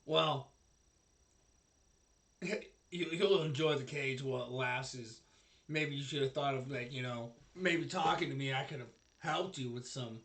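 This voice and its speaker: A man's voice: medium pitch, a little slow, fairly bright tone, far from the mic. A man voicing a sneering male prison guard who taunts a captive. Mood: taunting. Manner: taunting, smirking.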